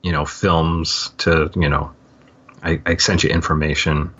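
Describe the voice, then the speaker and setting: Very deep-voiced man, rambling casually. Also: little pitch movement, measured pace, fairly bright tone, slightly rough, highs cut off. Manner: rambling, many fillers and restarts. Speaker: podcast co-host. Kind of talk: casual book-club discussion.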